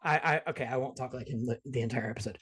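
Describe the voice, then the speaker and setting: A man hosting a casual movie review podcast, joking and talking in quick bursts with restarts. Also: medium pitch, flat delivery, a little mellow, breathy edge. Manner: jokey, quick, restarts often. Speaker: podcast host.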